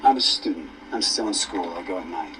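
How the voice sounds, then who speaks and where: A man's voice: low-pitched, a little fast, sharp tone. An actor playing an embarrassed young man in a film scene, speaking hesitantly and defending himself. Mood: defensive. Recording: film clip from a distance, with background noise.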